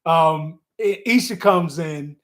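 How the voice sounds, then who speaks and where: A man's voice: fairly high pitch, slow pace, a bit bright. A man hosting a live stream in a casual, laid-back way, chuckling often and spelling words out letter by letter as he chats with viewers.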